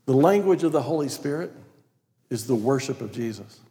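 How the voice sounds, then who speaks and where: A man preaching a sermon as pastor, reading scripture aloud and stressing key words, sometimes dropping to a quiet, prayerful tone. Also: mid-range voice, lively intonation, normal speed. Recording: long reverb of a large hall.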